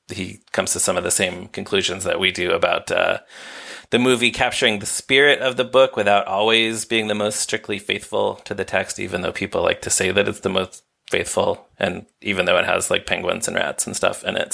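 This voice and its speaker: A man co-hosting a podcast, chatting casually and briskly reading out listener mail. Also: on the low side, gravelly, bright, forceful tone. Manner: brisk, reads listener comments aloud. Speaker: podcast co-host.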